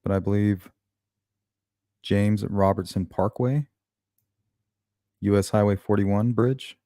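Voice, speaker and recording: A man with a somewhat low, warm voice hosts a live true-crime stream. He speculates aloud in a relaxed, conversational way and stops to greet viewers by name. The sound is dry and close, with no room around it. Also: takes it slowly, no room sound. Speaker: host of a true-crime livestream. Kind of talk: casual live commentary.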